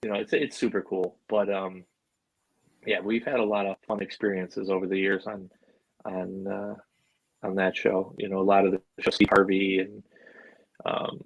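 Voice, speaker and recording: Laid-back, low-voiced storytelling man. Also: flat delivery, moderate pace, gravelly, no room sound, muffled recording. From Buffalo, New York, USA. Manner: loose and chatty, full of "like" and "you know", swears freely. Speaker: podcast guest, animal handler. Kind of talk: casual storytelling.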